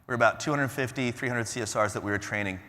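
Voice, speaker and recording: A man giving an energetic keynote at a conference, quizzing the audience and swinging from loud bursts to hushed asides. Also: mid-range voice, rapid-fire. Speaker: motivational conference speaker. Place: large conference hall, on stage. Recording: echoey conference hall.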